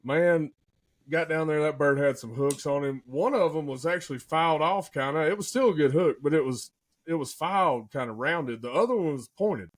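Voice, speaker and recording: A young man, excitedly telling a hunting story in casual podcast chat, full of folksy slang. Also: a little high, normal speed.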